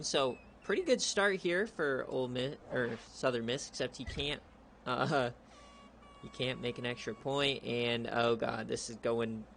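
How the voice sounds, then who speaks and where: A young man giving laid-back play-by-play commentary on a streamed video game, chatty and prone to excited outbursts. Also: medium pitch, gravelly, slight background noise. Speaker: league streamer.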